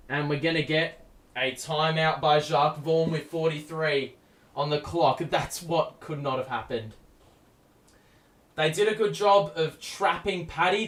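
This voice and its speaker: A young Australian man giving excitable, foul-mouthed fan play-by-play on a live stream, yelling at big plays. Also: on the high side. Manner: excitable, swears casually, yells at big plays. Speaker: streamer hosting a game watchalong. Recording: echoey room.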